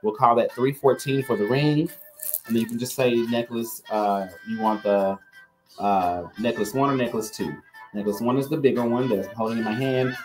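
A man hosting a live-stream jewelry sale, chatty and upbeat and talking straight to his viewers, with soft music behind. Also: medium pitch, moderate pace. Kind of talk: live-stream sales chat.

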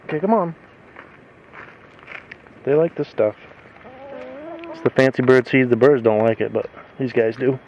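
Here the man has a medium-pitched voice, takes his time and pauses often while chatting to his pets in a teasing, sing-song way at home and outside in the yard. It's captured on the handheld camera's own mic, with the highs cut off and a little noise behind him.

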